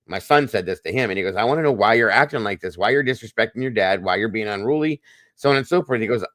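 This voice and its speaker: A man's voice: medium pitch, quick pace, a bit bright, no echo. Blunt rambling middle-aged man. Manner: rambling, blunt, repeats himself. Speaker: podcast host. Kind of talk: casual storytelling monologue.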